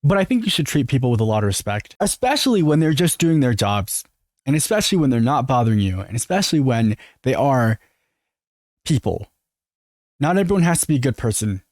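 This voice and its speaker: A man's voice: mid-range voice, big pitch swings, a little fast, a little mellow, dry recording, studio quality. An American man giving earnest, opinionated reaction commentary, talking straight to his viewers. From United States. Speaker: commentary youtuber.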